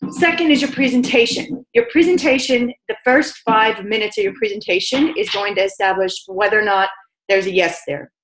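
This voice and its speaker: Woman, sales coach, brisk, emphatic, mid-pitched voice, roomy echo. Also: a bit bright. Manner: brisk, emphatic, repeats points. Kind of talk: business training talk.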